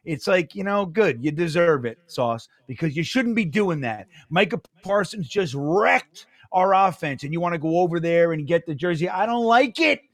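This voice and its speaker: Sports podcast co-host, male, high-pitched and dry, blunt ranting delivery. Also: expressive, moderate pace, hardly any pauses, no room sound. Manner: blunt, grumpy, swears freely. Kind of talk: casual sports talk.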